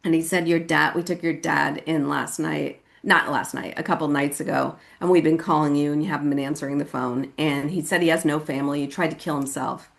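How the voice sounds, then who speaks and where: Gravelly low-voiced woman from california telling her recovery story, chatty, lots of "like", jumps high when quoting people. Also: fairly even intonation, brisk, few pauses. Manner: casual and chatty, with frequent "like" and "you know what I mean"; acts out quoted voices with sudden high pitch. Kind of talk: personal testimony at a recovery meeting.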